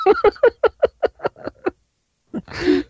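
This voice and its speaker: A man co-hosting a casual wrestling podcast, quick and animated, tripping over restarts. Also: extremely high pitch, no echo. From Northeast US. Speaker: podcast co-host. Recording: dry, slightly dull lo-fi audio.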